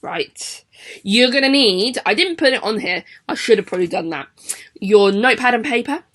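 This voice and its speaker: A woman's voice: fairly high pitch, animated, moderate pace, a bit bright. A young woman, a primary school teacher giving a chatty, encouraging video lesson to children. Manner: chatty, encouraging, sing-song questions to pupils.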